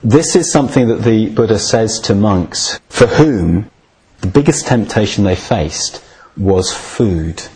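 A man's voice: lowish voice, lively intonation, takes it slowly, a little mellow, slightly rough, rough recording. A man giving a lecture with dry, wry humour. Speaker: lecturer on Buddhism.

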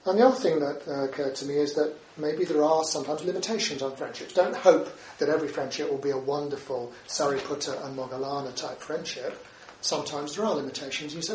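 A man's voice: fairly high pitch, brisk, a little mellow, a little hiss or hum. A man, a Buddhist teacher giving a talk, speaking conversationally and often closing points with questions like "isn't it?". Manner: conversational, with frequent tag questions. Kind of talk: dharma talk. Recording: roomy echo, distant mic, faint ambience.

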